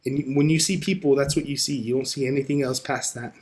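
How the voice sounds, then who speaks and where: A man guesting on a podcast, chatting casually and telling lively stories, acting out what people said. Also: mid-range voice, quick pace. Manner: animated storyteller who acts out quoted dialogue. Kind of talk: casual conversation.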